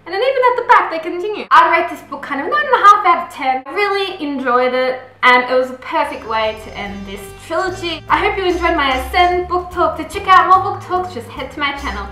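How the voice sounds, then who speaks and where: A woman's voice: very high voice, lively intonation, brisk, hardly any pauses, pushed and bright, soft background music. A woman chatting enthusiastically through a book review, gushing and acting out scenes as she goes. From Australia. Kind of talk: casual book review chat. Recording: roomy echoey room.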